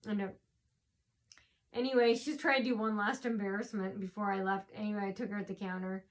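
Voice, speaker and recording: A woman's voice: medium pitch, little pitch movement, a little fast. A woman vlogger who is tired from lack of sleep, telling a rambling personal story full of fillers, restarts and repeated words.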